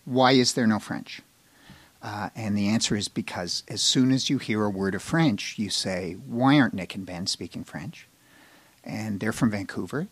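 Frank, animated low-voiced man at a panel. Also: breathy edge, no room sound. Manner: frank and animated, acts out people's reactions. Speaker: TV showrunner on a panel. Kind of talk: candid panel talk. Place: live event with an audience.

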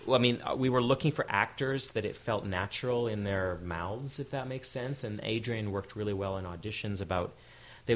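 A man talking as guest at a live onstage interview, lively and full of quick restarts. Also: fairly low pitch. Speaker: showrunner guest. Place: event hall with audience.

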